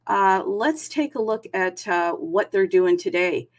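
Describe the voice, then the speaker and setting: A woman hosting a casual livestream, chatty and upbeat. She greets her viewers city by city and sprinkles her talk with fillers and asides. Her pitch sits in the middle for a woman. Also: animated. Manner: frequent fillers, self-aware about talking fast. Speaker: livestream host. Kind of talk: casual crypto livestream chat.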